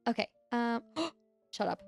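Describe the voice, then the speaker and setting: A young woman with a high voice co-hosting a casual podcast. She is effusive and emotional, close-miked in a dry room with faint music behind. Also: expressive, a little slow, vocal fry, no room sound. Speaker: podcast co-host. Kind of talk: casual chat.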